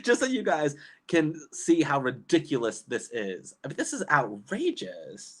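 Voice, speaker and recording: A woman's voice: rumbling low, sing-song, moderate pace, hardly any pauses, husky. A woman doing casual livestream commentary, reading chat and ranting in an exasperated way with frequent laughs.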